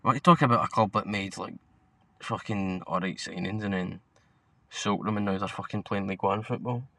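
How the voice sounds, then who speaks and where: A man's voice: on the low side, normal speed, vocal fry, bright, forceful tone, no room sound. A young Scottish man co-hosting a podcast, chatting casually about football in a blunt, sweary, rambling way. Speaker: podcast co-host.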